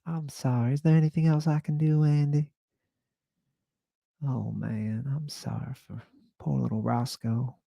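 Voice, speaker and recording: A man voicing a gentle, flamboyant male pet-service worker with a slight Southern accent and a soft, lilting, sympathetic way of talking. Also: medium pitch, fairly even intonation, unhurried, creaky, long pauses, no room sound, clean studio sound, pitched above the performer's own voice.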